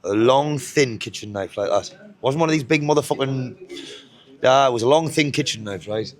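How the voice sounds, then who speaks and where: A guest from Northeast England tells his life story in casual chat, speaking at normal speed with a medium-pitched male voice and a Northeast English accent. He's blunt, swears a lot and keeps repeating himself.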